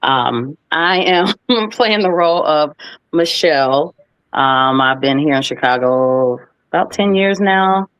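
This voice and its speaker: A woman in her thirties from the US, a guest actress telling stories in a casual interview, lively and playful. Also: low-pitched, takes it slowly, smooth, dry recording. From United States. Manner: lively, playful, animated when retelling stories. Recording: dull lo-fi, dry sound.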